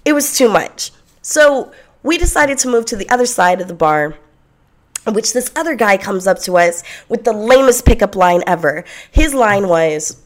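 Young woman, casual storytelling, blunt, profane, sarcastic, animated. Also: mid-range voice, normal speed. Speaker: vlogger telling a personal story.

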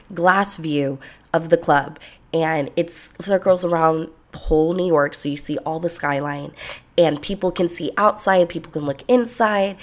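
A young woman telling a personal story in a blunt, profane, sarcastic and animated way. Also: low-pitched. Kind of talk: casual storytelling.

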